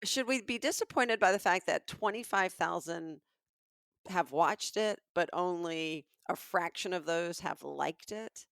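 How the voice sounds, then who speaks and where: A woman's voice: lowish voice, measured pace, creaky, a bit bright, dry recording, clean studio sound. A woman in her fifties with a Southern American accent, co-hosting a comedy podcast in casual, teasing chat. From Alabama, USA. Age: 50s. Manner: playful, teasing, breaks into laughter. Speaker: podcast co-host.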